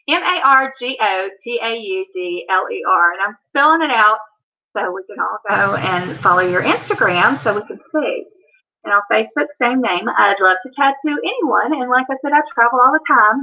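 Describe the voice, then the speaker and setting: A woman's voice: fairly high pitch, bright, forceful tone. A woman with a Blue Ridge Mountain accent, hosting a livestream from home in a chatty, rambling way. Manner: chatty and rambling, with a Southern drawl. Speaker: livestream host. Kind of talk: casual chat. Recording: slightly muffled livestream audio.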